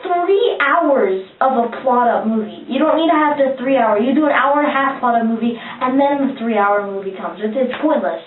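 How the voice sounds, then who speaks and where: A woman rants casually about a movie she found pointless, swearing freely and piling on asides. Her voice sits high. The recording is far from the mic in an echoey room, with a narrow, phone-like tone. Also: expressive, moderate pace, few pauses. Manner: rambling, profane, exasperated. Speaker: movie reviewer. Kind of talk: casual chat. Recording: echoey, distant, phone-like lo-fi sound.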